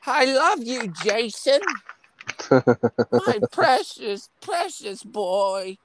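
A man doing a cooing falsetto slasher mom. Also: very animated, extremely slow, background noise, full character voice. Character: doting deranged slasher mother, crooning.

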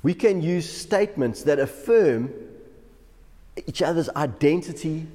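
A man delivers a devotional sermon as a pastor, his voice sitting a little high for a man. He laughs lightly through his stories. The sound carries a long, lingering reverb, as if in a large hall. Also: animated, measured pace, warm tone. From South Africa. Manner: chuckles often while telling stories.

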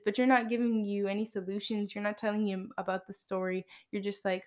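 A woman's voice: mid-range voice, little pitch movement, fairly quick, hardly any pauses. A woman in her twenties talking frankly on her podcast in a casual monologue, with wry asides. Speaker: podcast host.

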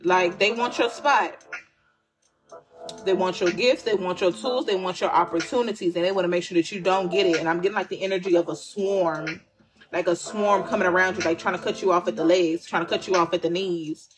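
A woman's voice: on the low side, steady tone, a little fast, music in the background, poor audio. A woman giving a casual tarot reading, chatty and profane, who repeats phrases for emphasis and calls her listeners "y'all". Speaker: tarot reader.

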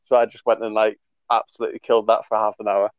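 On a podcast, a male co-host in his twenties rambles through a long casual story, full of fillers, laughter, and swearing. He talks fast in a fairly low, level-toned voice. The audio is lo-fi with no echo.

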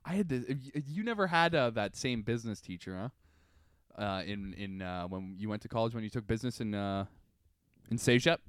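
A man's voice: on the low side, brisk, clear, resonant tone, no room sound, studio quality. A young man in his twenties co-hosting a podcast, chatting casually and joking with lots of laughter. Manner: animated, joking, laughs often. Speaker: podcast co-host. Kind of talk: casual chat.

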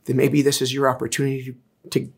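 A man's voice: mid-range voice, monotone, quick pace, gravelly, husky. Earnest man preaching a casual sermon. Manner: earnest, conversational preaching with hesitations. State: tearful, emotional. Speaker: pastor.

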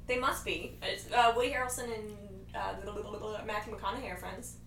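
A woman chatting enthusiastically about movies and retelling scenes quickly. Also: mid-range voice, fairly bright tone, recorded from a distance. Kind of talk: casual chat about movies. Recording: echoey room, off-mic, faint noise.

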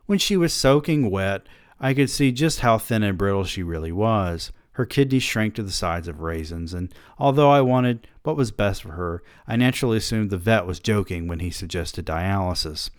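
A man's voice: on the low side, lively intonation, normal speed, clear, resonant tone, no room sound, clean studio sound. A man reading a story aloud who keeps breaking off to mock himself in sardonic comic asides. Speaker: reader of a story.

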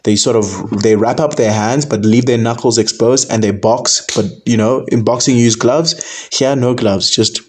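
A young man hosts a combat sports podcast on his own, rambling casually and often ending sentences with "man" and "right?" His medium-pitched voice has a breathy edge and moves at a normal speed.

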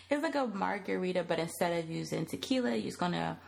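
A woman co-hosting a casual podcast, playful and quick to laugh, stretching words for emphasis. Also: lowish voice, expressive, gravelly, noisy background. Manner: playful, laughs often, drawn-out emphatic delivery. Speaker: podcast co-host.

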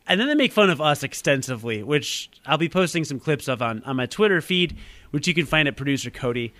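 Young man, podcast host, chatty, slightly high voice, dry close sound. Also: big pitch swings, a little fast, pushed and bright, no echo. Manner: chatty, self-deprecating, laughs often. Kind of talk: casual podcast chat.

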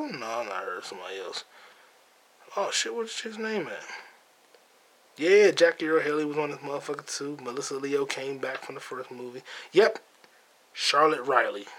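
Man, podcast host, animated, profane, casual movie recap, sharp bright tone, mid pitch. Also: slight background noise. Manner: profane, animated storytelling with acted-out quotes.

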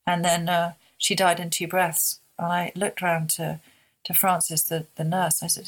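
A woman author, speaking softly and haltingly as a guest in an emotional interview conversation. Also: fairly low pitch, flat delivery. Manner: soft-spoken, halting with many restarts.

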